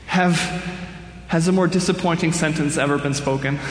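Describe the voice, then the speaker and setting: A man with a high, light voice delivers a sermon in a relaxed, conversational way, teasing himself with dry humor. His words ring out through a large church with a long, roomy reverb trailing behind every phrase. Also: moderate pace, slight background noise. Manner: conversational, self-deprecating humor. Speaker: pastor. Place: church sanctuary. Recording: echoey hall with long reverb.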